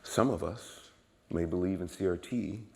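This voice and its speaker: A man preaching a sermon in a church, emphatic and repetitive, swinging from low murmurs to loud exclamations. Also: moderate pace, gravelly, long reverb tail. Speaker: guest preacher. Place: church sanctuary.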